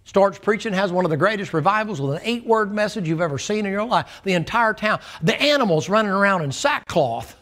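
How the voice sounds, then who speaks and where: A pastor delivers a folksy, animated sermon in a notably high-pitched voice for a man. He tells the story with plenty of colorful turns. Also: a little fast, hardly any pauses.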